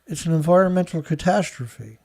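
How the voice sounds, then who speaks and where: A man's voice: a little high, lively intonation, a little fast, a little mellow. A man from Canada hosting a solo news commentary show, reading stories aloud with sarcastic, indignant remarks and frequent laughter. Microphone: studio mic.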